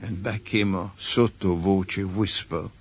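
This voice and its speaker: An older man with a Hungarian accent, a composer telling a lively anecdote as a radio interview guest. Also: on the low side, moderate pace, slightly rough. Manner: lively storyteller, acts out quoted voices.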